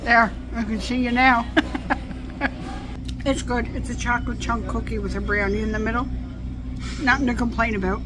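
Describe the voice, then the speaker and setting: A woman's voice: on the high side, fairly even intonation, normal speed, pauses often, over music. Chatty woman vlogging. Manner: chatty, laughs often. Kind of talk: casual vlog chat.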